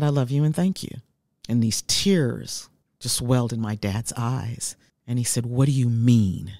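A woman's voice: rumbling low, warm tone, slightly rough, dry recording. Middle-aged woman sharing her story on a podcast, dry close sound, earnest. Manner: heartfelt, reflective storytelling. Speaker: guest. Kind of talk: personal storytelling in an interview.

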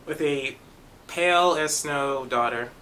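A man's voice: fairly high pitch, takes it slowly, sharp tone, slight background noise. A young man, an actor, chatting casually about his roles, laughing at himself as he goes. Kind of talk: casual interview.

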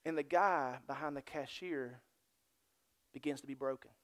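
With a mid-range voice at a moderate pace, a male pastor preaches in church, alternating between soft near-whispers and loud, excited stretches of storytelling.

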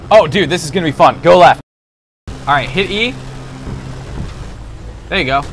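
A man's voice: a little high, animated, normal speed, music in the background, low-quality recording. A young man co-hosting a gaming show, giving bossy, joking backseat directions over gameplay. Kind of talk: casual gameplay banter.

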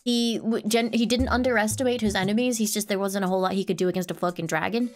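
A woman's voice: medium pitch, fairly even intonation, fast talker, faint music behind. A woman streamer in casual chat, rambling and giggling as she retells a movie scene.

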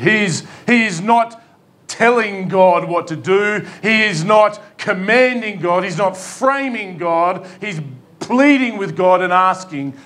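Emphatic Australian pastor preaching. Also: male voice, high voice, takes it slowly, a bit bright. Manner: emphatic, pleading, with rhetorical questions and humor. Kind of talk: sermon. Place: church hall.

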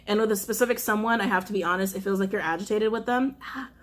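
A woman's voice: medium pitch, quick pace, fairly bright tone. A woman giving a casual spoken tarot reading to her viewers, chatty and emphatic, repeating her phrases and often breaking into laughter. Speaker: tarot reader.

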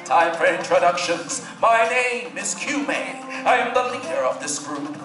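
A man's voice: high voice, lively intonation, a little slow. A man playing the showy leader of a singing troupe, rallying a live audience. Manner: theatrical, rallies the audience. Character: boastful male singer, leader of a tribal troupe. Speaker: stage show performer, troupe leader. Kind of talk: live theater show hosting. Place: large theater-in-the-round with an audience. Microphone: camcorder in the audience. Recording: echoey live venue, crowd and music.

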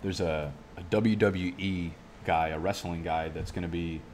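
Male streamer, low voice, loose and profane, tangent-prone chat. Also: steady tone, unhurried, a little mellow, slight background noise. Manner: profane, rambling, goes off on tangents. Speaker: fantasy football youtuber. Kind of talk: casual live-stream commentary. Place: home studio.

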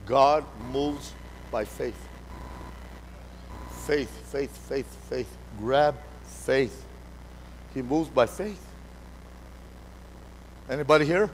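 A man's voice: medium pitch, very slow, pauses often. A man preaching a live church sermon, fervent and repetitive, calling out to the congregation in a call-and-response way. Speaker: pastor. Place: church sanctuary. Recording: reverberant hall, faint background noise.

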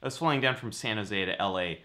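Bright-voiced man in casual chat. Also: fairly low pitch, fairly quick. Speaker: psychologist co-host.

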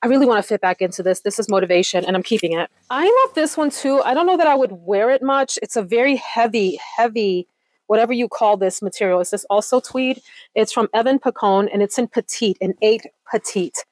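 A woman's voice: mid-range voice, brisk, a little mellow, no room sound, low-quality recording. Gushing chatty woman vlogger, dry sound. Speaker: closet declutter vlogger. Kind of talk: casual chat to camera.

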